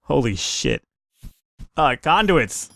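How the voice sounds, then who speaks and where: A man commentating his own gameplay in a let's play, excitable, swearing and laughing at his own mistakes. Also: mid-range voice, takes it slowly, creaky. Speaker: gaming commentator.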